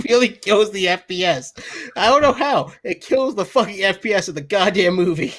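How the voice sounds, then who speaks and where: A man's voice: high-pitched, animated, moderate pace, fairly bright tone. A young man co-hosting a podcast who adds wry, crude commentary. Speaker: podcast co-host. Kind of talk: casual comedic film review chat.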